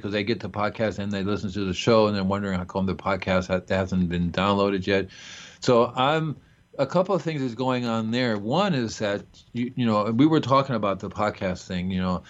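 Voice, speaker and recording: A man's voice: on the low side, a little fast, dull audio. A man hosting a radio talk show, chatting casually in a rambling, joking way. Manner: rambling, restarts, jokey.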